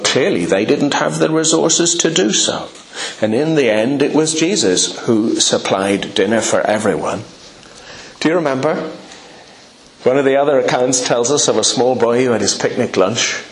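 A man preaching a sermon, telling a Bible story with rhetorical questions and acted-out quotes. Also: mid-range voice. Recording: echoey room.

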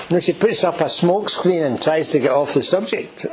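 A man's voice: fairly high pitch, very animated, moderate pace, rough recording. A man preaching a sermon in church, earnest and emphatic, who repeats key words and asks his listeners questions.

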